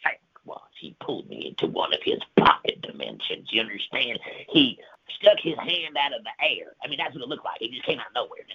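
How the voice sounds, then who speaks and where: A man telling a rambling, profane comic tall tale on the radio, swinging from loud outbursts to hushed whispers. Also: mid-range voice, wildly swooping pitch, brisk, vocal fry, slightly rough, muffled recording.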